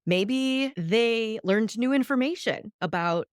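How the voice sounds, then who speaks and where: A woman hosting a solo podcast, teaching in an animated way and acting out the voices she quotes. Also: on the high side, slow, smooth, no room sound, clean studio sound. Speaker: podcast host.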